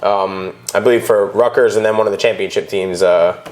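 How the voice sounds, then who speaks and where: A man's voice: lowish voice, fairly even intonation, brisk, darkish tone. Rambling male podcast host. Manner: rambling, frequent restarts and affirmations. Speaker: podcast host, gym owner. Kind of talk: casual podcast chat.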